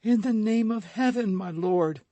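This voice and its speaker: A man reading an audiobook, voicing an anxious young woman who speaks in soft, reproachful pleading. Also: on the high side, moderate pace, no echo, voice pushed up, lightly acted. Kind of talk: audiobook character voice.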